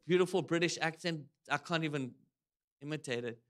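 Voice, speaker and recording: A male pastor preaching a sermon, telling a story with animated delivery and shouting out quoted lines. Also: fairly high pitch, brisk. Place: church.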